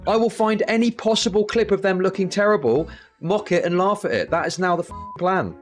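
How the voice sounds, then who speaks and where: A man's voice: high voice, a little fast, soft background music. A man hosting a live stream, ranting and mocking in a profane, laughing way while reacting to clips. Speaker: streamer host.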